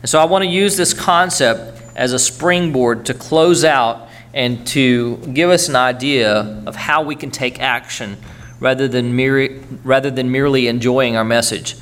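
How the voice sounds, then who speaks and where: A man's voice: mid-range voice, measured pace, fairly bright tone. A man preaching a sermon earnestly, urging his congregation and checking in with frequent "okay?" tags.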